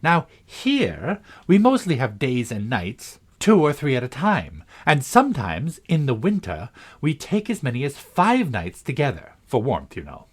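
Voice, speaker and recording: This is a stern, haughty queen from a storybook who talks down to everyone, voiced by a male reader. She lectures in an imperious, raised voice. The tone is breathy, and the pitch swings widely. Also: huge pitch swings, a little slow, exaggerated voice.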